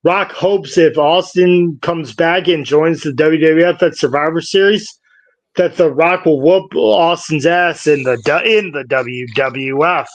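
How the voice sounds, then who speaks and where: A man co-hosting a podcast, recapping old wrestling shows in a halting, casual way with restarts. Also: fairly high pitch, dry recording. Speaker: podcast co-host.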